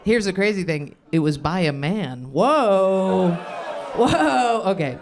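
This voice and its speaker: Man, stand-up comic, high-pitched, sleep-deprived, rambling, self-deprecating. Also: expressive, moderate pace, some chatter behind, a little hiss or hum. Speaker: stand-up comedian. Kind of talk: stand-up set. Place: comedy club stage.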